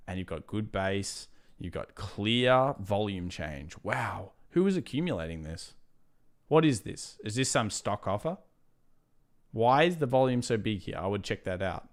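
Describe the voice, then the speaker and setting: A man's voice: on the low side, expressive, unhurried. Chatty man reading market charts. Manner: casual, chatty, drifts into fired-up rants. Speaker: trading livestream host. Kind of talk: live market chart commentary.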